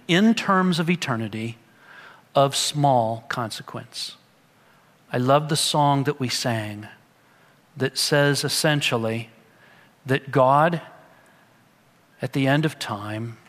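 A man's voice: medium pitch, fairly bright tone, long reverb tail. A man preaching a sermon, reading scripture aloud and then explaining it in an earnest, conversational way. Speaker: pastor.

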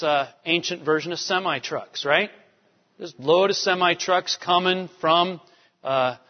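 A man teaching a Bible lecture in a conversational way, checking in with rhetorical questions. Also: on the high side. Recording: dull recording with long hall reverb.

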